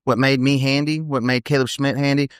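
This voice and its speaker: A man in his thirties tells rodeo stories at a rapid clip, rambling and animated, checking in with "you know what I mean". His voice sits close and dry, at a middle pitch. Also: clear, resonant tone, no echo. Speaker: professional team roper, podcast guest. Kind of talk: casual storytelling in a podcast interview.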